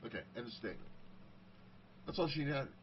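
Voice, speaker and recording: A man's voice: medium pitch, animated, fairly quick. Middle-aged man telling casual stories. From United States. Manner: conversational, acts out quoted dialogue. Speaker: speaker sharing personal stories. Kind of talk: casual storytelling monologue. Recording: slightly dull audio, faint background hiss.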